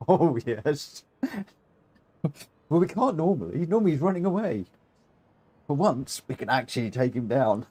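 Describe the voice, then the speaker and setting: A man giving excitable, giggly live commentary as host of a gaming livestream, chatting to viewers from a home setup on a desk mic. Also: on the high side, a little slow, pauses often, slightly rough.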